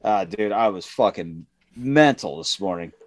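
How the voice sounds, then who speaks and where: A man tells a work story in casual chat, heavy with swearing. His pitch leaps around as he acts out the people in it. The sound is close and dry. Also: a little slow, no echo. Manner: profane, animated storytelling, acts out quotes in raised voices. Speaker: podcast co-host telling a work story.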